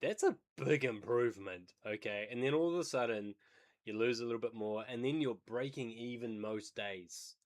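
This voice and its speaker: A man's voice: medium pitch, moderate pace. Man musing aloud about trading. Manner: thinks aloud, hedging and explaining. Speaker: day trader streaming and reacting to a video. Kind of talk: casual livestream commentary.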